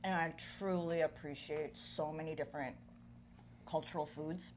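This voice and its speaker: A woman hosting a casual food chat, chatty and quick to laugh. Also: deep voice, a little hiss or hum. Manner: chatty, giggly, animated asides. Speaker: host.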